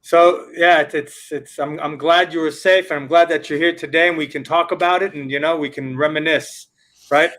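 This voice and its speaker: A man's voice: fairly high pitch, fairly even intonation, normal speed, a bit bright. A man from Israel hosting a podcast, enthusiastic and often repeating and restarting his words. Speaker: podcast host. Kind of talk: casual interview chat.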